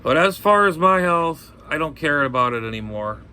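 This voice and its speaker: A man's voice: fairly high pitch, lively intonation, moderate pace, pushed and bright, clear, resonant tone. A man rambling through a casual chat from home, ranting bluntly, cursing and repeating himself. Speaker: ham radio vlogger.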